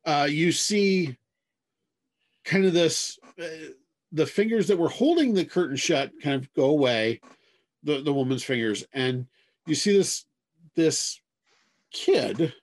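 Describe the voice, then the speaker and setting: A man narrating a tabletop game as game master, telling the scene with many hedges. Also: fairly high pitch. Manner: drawn-out storytelling with many hedges.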